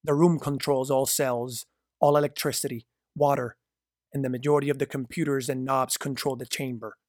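A man narrating a dark story in a measured, descriptive reading. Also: mid-range voice, flat delivery, no room sound, clean studio sound.

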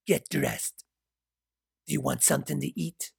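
A man reading a story aloud, voicing a calm, menacing male captor who mocks and chuckles darkly. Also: fairly high pitch, measured pace, dry recording, clean studio sound, exaggerated voice. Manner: smooth, mocking, chuckles darkly.

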